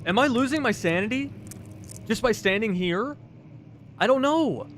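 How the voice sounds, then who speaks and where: Male streamer, high and animated, jokey live commentary, faint noise. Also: moderate pace. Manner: excitable, joking, loud outbursts.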